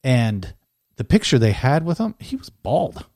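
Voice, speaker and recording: A man's voice: medium pitch, very animated, unhurried, a little mellow, no room sound, clean studio sound. A man co-hosting a casual chat, reading headlines aloud with frequent laughs and mocking asides. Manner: laughs often, mocking, rambling. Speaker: co-host.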